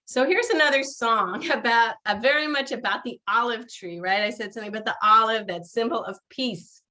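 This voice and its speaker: Bright-voiced woman rabbi on a video call. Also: fairly high pitch, fairly quick. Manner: chatty, laughs often, chants Hebrew blessings. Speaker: rabbi leading a seder. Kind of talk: leading a video-call Tu Bishvat seder.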